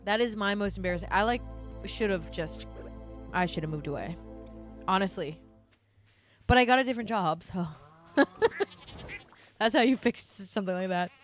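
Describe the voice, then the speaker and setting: A woman's voice: medium pitch, normal speed, pauses often, faint music behind. Rambling woman streamer telling a story. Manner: rambling, self-deprecating storytelling with laughs. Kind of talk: casual live-stream chat.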